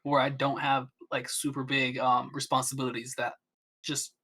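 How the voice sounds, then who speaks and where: A man's voice: medium pitch, completely flat delivery, moderate pace, pushed and bright, breathy edge. Rambling young man, casual podcast guest. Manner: rambling, many restarts and ums. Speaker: guest streamer.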